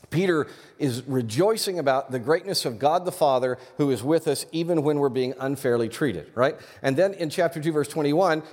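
Male pastor, earnest sermon delivery, mid pitch, big reverberant hall. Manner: earnest, animated preaching with repeated restarts. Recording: long reverb of a large hall.

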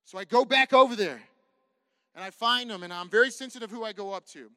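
Fast-talking, high-voiced pastor telling a story. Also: male voice, clear, resonant tone, no echo, clean studio sound. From California. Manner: animated, swings from hushed to loud; jokes with the congregation. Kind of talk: sermon storytelling.

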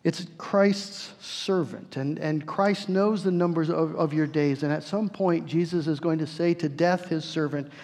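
A man preaching a sermon as pastor, earnest, slowing down and swelling his voice for emphasis, often repeating words. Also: on the high side, steady tone, a little mellow. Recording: long hall reverb.

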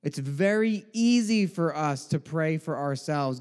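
A man's voice: a little high, lively intonation, a little slow, few pauses, darkish tone, clear, resonant tone. A man preaching a sermon in a conversational way, full of rhetorical questions and mock quotes. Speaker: pastor. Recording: long hall reverb.

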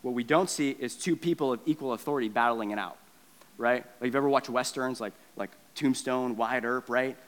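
A man preaching a sermon in a casual, animated way, with conversational asides and acted-out quotes. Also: fairly quick, in a large hall. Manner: acts out quotes and switches between loud punches and low, quiet stretches. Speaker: pastor.

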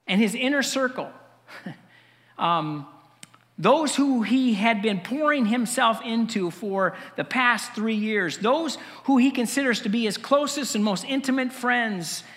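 A man's voice: very high voice, a bit bright, big-room sound. A man preaching a sermon as pastor, conversational and wry, with asides and chuckles.

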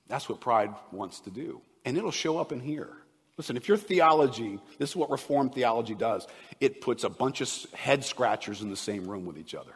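A man preaching a sermon as a pastor, swinging between loud emphasis and hushed, near-whispered asides. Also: mid-range voice, expressive, moderate pace, husky, in a large hall.

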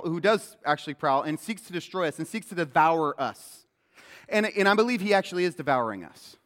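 High-voiced pastor preaching in a big hall. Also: male voice. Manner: animated, acts out quotes loudly. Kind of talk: sermon. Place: church sanctuary. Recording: long hall reverb.

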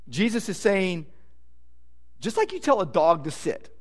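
Delivering a sermon as pastor, this man is emphatic and repetitive, moving from booming declarations to quiet asides. His voice sits high and he speaks in an animated, brisk way.

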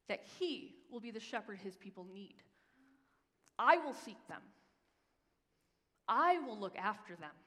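A woman pastor giving a sermon, telling a story with emphasis and slowing down for the scripture readings. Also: medium pitch. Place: church sanctuary. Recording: long reverb of a large hall.

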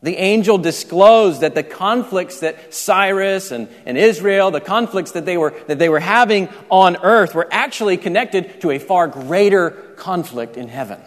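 A man's voice: high-pitched, expressive, moderate pace, few pauses. A man preaching a sermon, explaining scripture step by step and often restarting his sentences. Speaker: pastor. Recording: reverberant large hall.

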